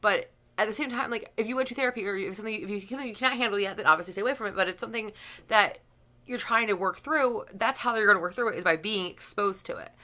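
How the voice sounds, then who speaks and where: A woman's voice: mid-range voice, rapid-fire, sharp tone. A woman YouTuber giving a blunt, profane opinion rant to camera, rambling with restarts.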